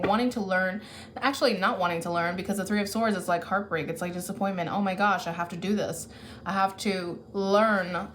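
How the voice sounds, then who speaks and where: A woman's voice: mid-range voice, a little hiss or hum. A woman giving a casual tarot reading who thinks aloud and corrects herself as she goes, caffeinated. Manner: chatty, thinks aloud, restarts and self-corrects. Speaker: tarot reader.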